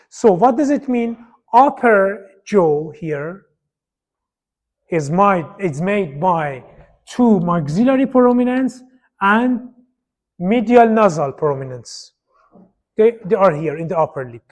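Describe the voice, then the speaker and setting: High-voiced man lecturing on slides. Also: darkish tone. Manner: repetitive, pointing at slides, non-native phrasing. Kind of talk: university lecture.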